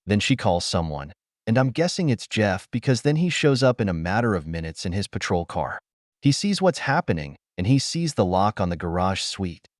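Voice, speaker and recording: A man narrating a first-person story in an animated storytelling manner. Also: fairly low pitch, no room sound, clean studio sound.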